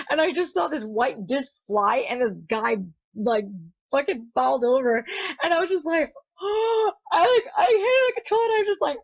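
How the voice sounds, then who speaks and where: A young woman telling a story in a casual vlog, giggly and excitable, often breaking into laughter. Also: high-pitched, moderate pace, lo-fi sound. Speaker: vlogger.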